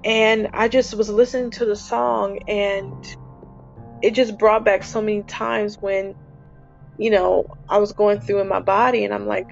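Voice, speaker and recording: Woman, gravelly voice, earnest devotional podcast talk, repetitive phrasing, dull lo-fi sound, faint music behind. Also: medium pitch, level tone, measured pace. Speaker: podcast host.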